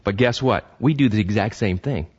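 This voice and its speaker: A man's voice: lowish voice, normal speed, darkish tone, slightly rough, highs cut off. Man preaching, stumbling over repeated words. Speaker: pastor. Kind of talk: conversational sermon. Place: church.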